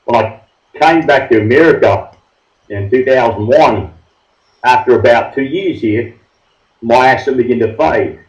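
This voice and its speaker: A man's voice: mid-range voice, a little slow, pauses often. Easygoing older Australian man on a call. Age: 60s. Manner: easygoing, rambling, says mate. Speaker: guest. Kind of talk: casual chat over a call. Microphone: phone call. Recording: roomy, dull call audio.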